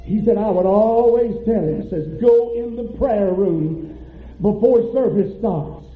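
High-voiced preaching pastor, echoey tinny church. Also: male voice. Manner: preaching with rising fervor and drawn-out emphasis. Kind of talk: sermon. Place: church sanctuary.

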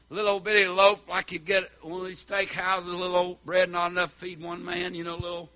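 Fiery preacher man, bright high voice. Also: dry recording. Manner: shouting, whooping, swinging from loud to soft. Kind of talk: fiery country sermon.

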